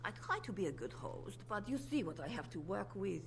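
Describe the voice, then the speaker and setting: A woman's voice: mid-range voice, sing-song, fairly quick, vocal fry, a little hiss or hum. An actress playing a scheming female spymaster in a video game, with a put-on French accent and a purring, condescending manner. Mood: mock-gracious. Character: scheming female bard spymaster, silky and menacing.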